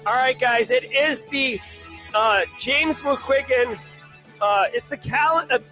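A man with a Boston accent hosting a daily cyber news live stream, talking in an energetic, rambling, self-joking way. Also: high-pitched. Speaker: host. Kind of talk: casual live-stream chat.

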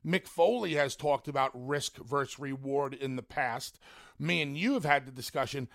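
A man co-hosting a talk radio show, speaking in an animated way and building up excitedly. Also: mid-range voice, normal speed, creaky.

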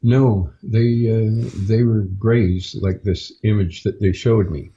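A man, a podcast guest, telling his own story in a casual, halting way with frequent "uh" fillers. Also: lowish voice, steady tone, warm tone, dull audio. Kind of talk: casual first-person storytelling.

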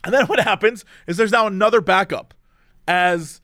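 A man's voice: high-pitched, normal speed, no echo, clean studio sound. A man telling a story in casual chat, acting out other people's lines. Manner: animated, acts out people's lines in mimicked voices. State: tired from no sleep. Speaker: podcast co-host.

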